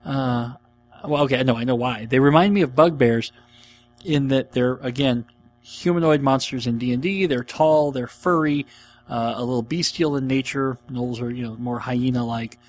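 A man's voice: medium pitch, normal speed. A man hosting a podcast, answering listener questions in an enthusiastic, rambling casual chat. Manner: enthusiastic, rambling, laughs often.

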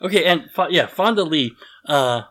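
A man's voice: a little high, expressive, normal speed, fairly bright tone. A man hosting a casual podcast, rambling and self-deprecating, with lots of fillers and restarts. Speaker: podcast host.

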